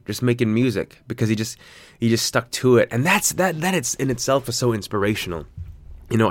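A young man talking casually in a rambling, chatty vlog, with self-deprecating jokes and sudden jumps up in pitch when he gets excited. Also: no room sound. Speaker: vlogger.

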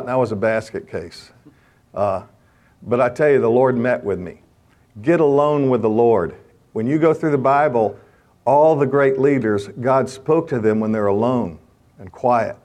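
A man's voice: mid-range voice, a little mellow. An older man speaking to a gathering of men, telling stories in a conversational, emphatic and direct way during a motivational faith talk. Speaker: speaker addressing a men's gathering.

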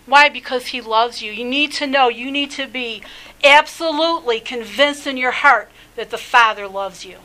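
A woman's voice: high voice, normal speed, pushed and bright, poor audio. A woman rabbi preaching a sermon, fervent and exhorting, often restarting her sentences. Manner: fervent, exhorting, with many restarts and filler phrases. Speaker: rabbi preaching a podcast teaching.

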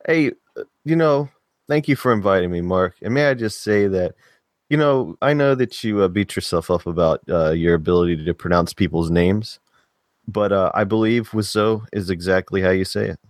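A man who is a podcast guest, ribbing the host in a teasing, deadpan way. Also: low-pitched, normal speed, no room sound, studio quality. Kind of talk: casual chat.

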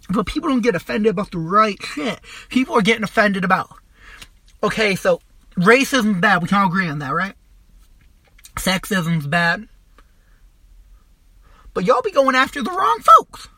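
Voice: medium pitch, sharp tone, no room sound. A young adult podcast host delivering a crude, mocking comedic rant, swearing constantly and trailing off into restarts.

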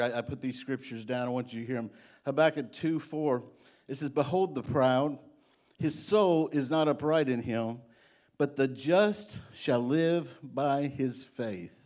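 A middle-aged man preaching a sermon, stressing each point by repeating it and reading scripture slowly. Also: medium pitch, darkish tone.

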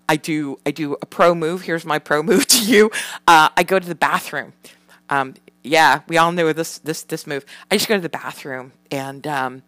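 A woman's voice: deep voice, fairly bright tone, dry recording. A mother venting in a candid personal vlog. She rambles frankly, swears a lot, and fills her talk with ums, restarts and "you know". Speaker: parent.

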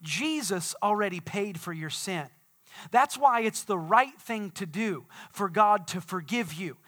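A man preaching a sermon as pastor, swinging from quiet explanation to shouted declarations. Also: high voice, expressive, measured pace. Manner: dynamic preaching, swelling to shouts.

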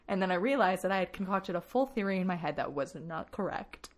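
A woman's voice: lowish voice, animated, normal speed. A woman co-hosting a podcast in casual chat, telling stories animatedly and laughing often. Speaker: podcast co-host.

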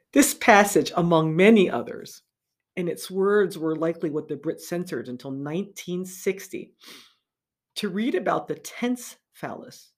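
A middle-aged woman giving an animated literature lecture, reading passages aloud and laughing between remarks. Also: lowish voice, husky.

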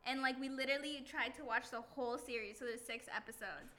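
A woman's voice: high-pitched, fairly even intonation, fast talker, pushed and bright, a little hiss or hum. A young woman in a casual couples chat, playful and giggly.

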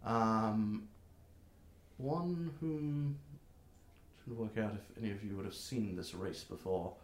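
A man narrating as game master of a tabletop game, talking haltingly with many fillers. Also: on the low side. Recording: roomy echo.

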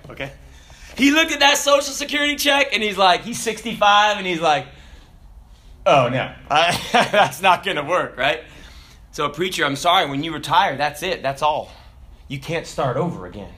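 Man, pastor, lively sermon, high-pitched, bright tone, acted-out voices. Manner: animated preaching with acted-out voices and sudden shouts.

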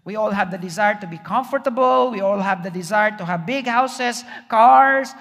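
A man's voice: high voice, moderate pace, a bit bright, soft background music. A man preaching a sermon as a pastor, often putting rhetorical questions to the congregation. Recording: long hall reverb.

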